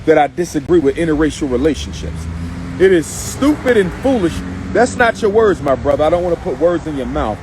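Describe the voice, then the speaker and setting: A man's voice: a little high, big pitch swings, fairly quick, noisy background. A man delivering a live-streamed monologue as an activist commentator, emphatic and repetitive, speaking straight to the person he answers. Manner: emphatic and repetitive, addressing someone directly.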